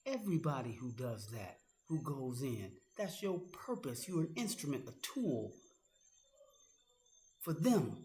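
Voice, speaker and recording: A man with a warm, mid-range voice speaks in a sing-song way, a little slowly. An online commentator, he aims a heated, profane, confrontational monologue directly at a critic. The recording carries a roomy echo.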